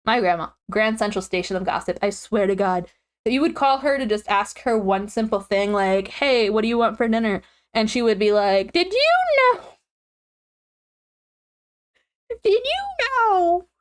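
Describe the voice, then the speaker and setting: A woman's voice: moderate pace, smooth. A young woman streamer chatting casually with her viewers, giggling often, tired and yawning. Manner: chatty, giggly, animated swings in pitch.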